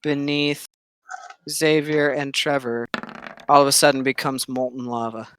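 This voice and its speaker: A game master running a tabletop game over a call, easygoing and quick to laugh. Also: medium pitch, little pitch movement, a bit bright, a little hiss or hum.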